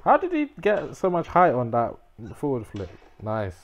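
A man giving muttered, reactive commentary as he plays a wrestling game, now and then breaking into frustrated shouts. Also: medium pitch, huge pitch swings, moderate pace, muffled recording. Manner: reactive, muttering to himself, bursts of frustrated yelling. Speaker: gamer playing a wrestling game. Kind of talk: live gameplay commentary.

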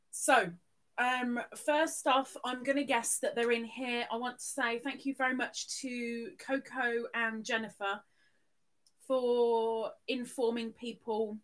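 A woman with a high voice hosts a casual live stream in an unhurried way. She chats loosely and breaks into loud, cheerful greetings for viewers by name. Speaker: livestream host.

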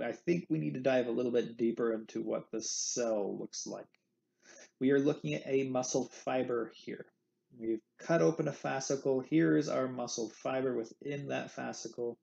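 A man's voice: medium pitch, steady tone, moderate pace, gravelly, mellow, dull audio. A man teaching an anatomy lecture in a playful way, repeating the key terms. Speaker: anatomy instructor. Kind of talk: recorded lecture.

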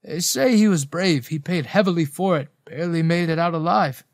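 A man voicing a weary, wise older village man in a spoken story, slow and solemn. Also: a little high, no echo, clean studio sound, natural voice. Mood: sorrowful. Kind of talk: audiobook character voice.

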